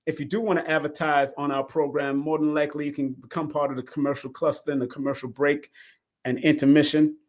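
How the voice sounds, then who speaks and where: A fast-talking middle-aged man with a slightly high voice runs a live numerology talk show. His manner is casual and animated, full of laughter, alternating between loud bursts and soft asides.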